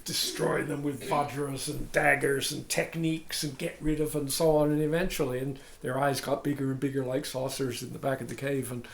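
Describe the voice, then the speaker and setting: An older man, a dharma teacher, giving a contemplative talk in halting, searching phrases with frequent asides. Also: mid-range voice, flat delivery, vocal fry, echoey room.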